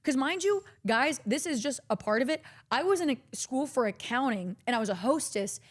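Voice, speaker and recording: A woman's voice: high-pitched, brisk. Profane woman telling a story. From Texas. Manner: breathless, profane, animated storytelling. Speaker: streamer. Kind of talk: story time chat.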